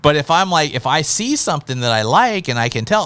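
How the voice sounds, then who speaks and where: A male host in a casual interview chat who tells stories in an animated way, acting out little scenes as he goes. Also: fairly high pitch, fairly quick, smooth, no room sound. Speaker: podcast host.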